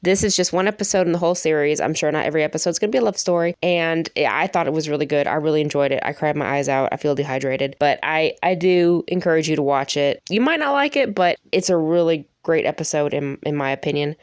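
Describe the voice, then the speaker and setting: A woman's voice: sits low, fast talker, few pauses, dry recording, clean studio sound. A woman giving a casual spoken review of a TV show, chatty and emotional, with frequent laughs.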